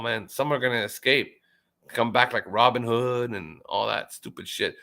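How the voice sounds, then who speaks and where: Bright-voiced man ranting with constant swearing. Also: moderate pace, creaky. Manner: loud, swearing, pitch jumping when riled; stammers and repeats himself. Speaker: chat participant. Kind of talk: casual profane rant.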